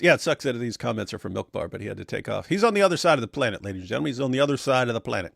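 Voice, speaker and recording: A man's voice: medium pitch, sing-song, rapid-fire, vocal fry, few pauses, a bit bright, no room sound. Middle-aged male stream host, blunt and sarcastic, dry close mic. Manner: blunt, sarcastic, reads viewer chat aloud. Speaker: livestream host. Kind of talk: casual live-stream chat.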